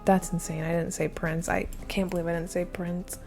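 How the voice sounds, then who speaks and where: A woman's voice: fairly low pitch, little pitch movement, normal speed, a little mellow, faint music behind. A woman thinking aloud while taking a timed trivia quiz, flustered and muttering, with many hesitations. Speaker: quiz video creator.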